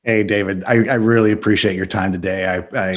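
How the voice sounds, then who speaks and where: Husky-voiced upbeat male podcast host. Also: low-pitched, steady tone, a little fast. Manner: upbeat, laughs often. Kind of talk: casual interview.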